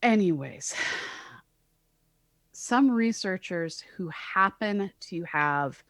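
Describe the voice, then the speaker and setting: Woman, science podcast co-host, low-ish voice, wry sarcastic asides, dry close sound. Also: expressive, extremely slow, a bit bright, no echo. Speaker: co-host, astronomer. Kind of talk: casual science podcast chat.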